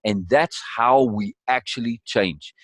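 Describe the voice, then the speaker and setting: A man's voice: medium pitch, slow, a bit bright, no echo. A man leading a course session in conversational teaching style, emphatic and repeating key words for weight.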